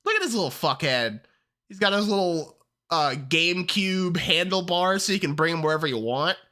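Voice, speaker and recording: In a relaxed livestream, a streamer goes through a character ranking at normal speed and a medium pitch. The commentary is excitable and heavily profane, bouncing between ranting and laughing.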